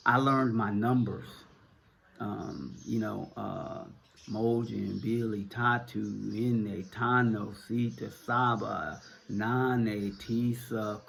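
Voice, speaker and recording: A middle-aged American man with a Northern US accent answers viewer questions, rambling casually with lots of fillers and repeated words. His voice is mid-range and gravelly.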